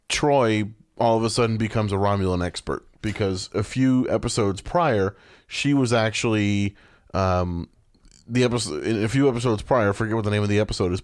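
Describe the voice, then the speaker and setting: A man's voice: on the low side, no echo, clean studio sound. A man co-hosting a podcast, recapping a TV episode in casual chat, rambling with many fillers and restarts. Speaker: podcast co-host.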